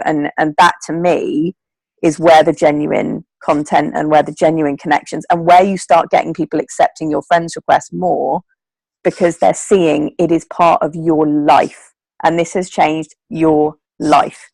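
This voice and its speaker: A woman's voice: low voice, steady tone, measured pace, creaky, a little mellow, no echo, low-quality recording. Woman on a video call, chatty and earnest, lots of ums, dry close sound. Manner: chatty, earnest, emotional, with many fillers and laughs. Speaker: network marketing team leader. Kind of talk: casual group video call talk.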